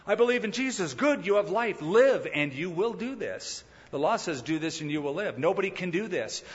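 A male pastor delivers a sermon with a fairly high, very lively voice that swoops up and down as he acts out the people he quotes. The sound is somewhat dull, with a long reverb trailing off in a hall. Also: normal speed. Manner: animated preaching that acts out quoted speakers.

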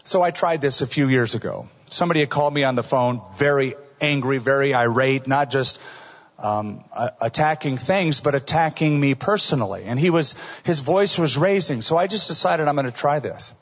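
A middle-aged male pastor preaching a sermon in an earnest, conversational way, often dropping to a soft voice for asides. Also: medium pitch, normal speed. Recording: dull recording in a large reverberant hall.

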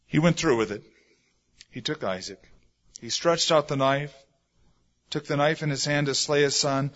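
Pastor with a slightly high, lo-fi voice. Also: male voice, normal speed. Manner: storytelling with sudden swings between loud and hushed. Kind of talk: sermon. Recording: dull lo-fi sermon recording.

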